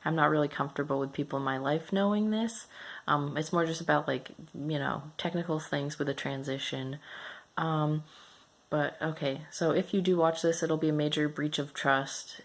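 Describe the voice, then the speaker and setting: A man's voice: fairly high pitch, vocal fry. A man recording a casual video diary, speaking matter-of-factly. His voice is cracky. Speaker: vlogger.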